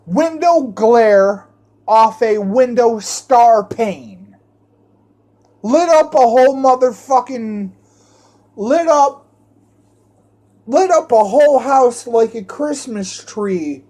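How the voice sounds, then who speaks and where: A man's voice: very high-pitched, expressive, slow pace, pauses often, a little mellow. A man ranting in a rambling, profane monologue, repeating his phrases and restarting them often. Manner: repetitive, restarts phrases, swears heavily.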